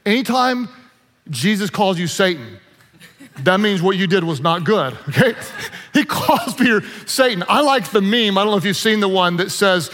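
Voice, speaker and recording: A man preaching a sermon as pastor, animated and playful, acting out quotes with humor. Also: sits high, normal speed, big-room sound.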